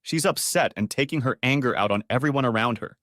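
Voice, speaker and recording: A man voicing a loyal young female personal assistant who speaks briskly and dutifully. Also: mid-range voice, a bit bright, no room sound, studio quality, lightly acted.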